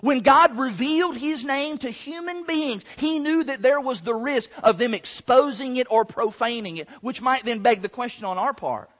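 Male preacher, very high pitch, emphatic drawn-out delivery, muffled recording with long hall echo. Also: fairly bright tone. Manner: emphatic, drawn-out stresses on key words. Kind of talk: sermon. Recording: long hall reverb, dull lo-fi sound.

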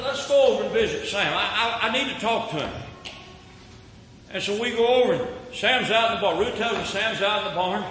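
A man's voice: extremely high pitch, bright, forceful tone, slight background noise. A man preaching a sermon, telling a story earnestly with frequent stammered restarts. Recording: echoey hall with long reverb.

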